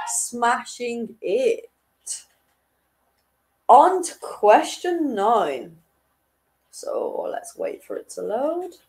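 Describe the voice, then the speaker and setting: A woman's voice: sits high, sing-song, very slow, long pauses, noisy background. A young woman hosting an online quiz in a chatty, giggly way, reading each question twice and tripping over her words. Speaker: quiz host.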